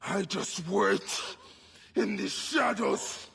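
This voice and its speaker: An actor playing a grim, vengeful Egyptian warrior man in a video game cutscene, speaking slowly and menacingly and breaking into shouts. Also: high-pitched, steady tone, creaky, long reverb tail, slight background noise, full character voice. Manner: menacing, slow, bursts into shouts.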